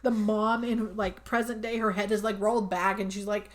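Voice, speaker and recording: A woman co-hosting a podcast, casually retelling a film scene by scene with lots of "like" and quick put-on voices for the characters. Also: mid-range voice, level tone. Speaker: podcast co-host. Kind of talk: casual movie recap chat.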